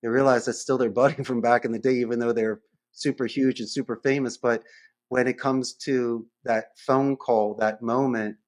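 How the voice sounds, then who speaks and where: A man's voice: mid-range voice, fairly even intonation, normal speed. A man as a podcast guest who runs a call center, talking in a conversational interview and acting out phone calls in different voices.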